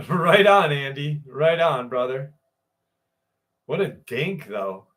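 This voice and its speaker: A man's voice: on the high side, animated, takes it slowly, fairly bright tone. A man hosting a live show, reading a viewer's story aloud and then chatting loosely with his live chat, joking and swearing freely. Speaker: show host.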